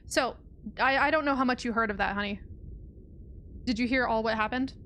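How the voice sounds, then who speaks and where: A young woman streams a game with casual, animated commentary, swearing often and sounding exasperated. Her voice is a little high and fairly bright, and she talks briskly, with slight background noise.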